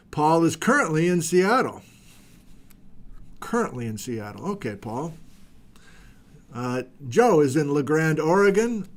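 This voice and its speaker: A middle-aged man with a slightly higher voice runs a casual livestream. He greets viewers one by one and tosses in playful, friendly asides. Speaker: geology livestream host.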